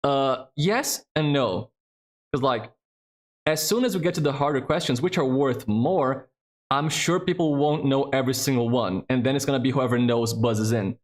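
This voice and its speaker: A man's voice: medium pitch, normal speed. A man hosting a trivia game on a live stream, chatty and casual, swearing freely as he thinks aloud.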